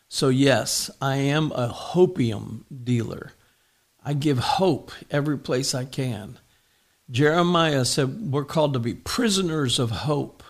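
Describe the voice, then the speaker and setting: An older man, a pastor, preaching a sermon with slow, emphatic declarations and frequent "uh" pauses. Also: mid-range voice, creaky.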